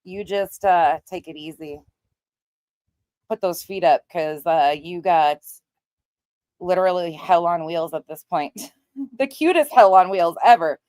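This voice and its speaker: A woman's voice: lowish voice, a little slow, pauses often, a little mellow, no echo. A woman hosting a casual livestream, greeting viewers by name and chatting bluntly, swearing now and then. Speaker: livestream host.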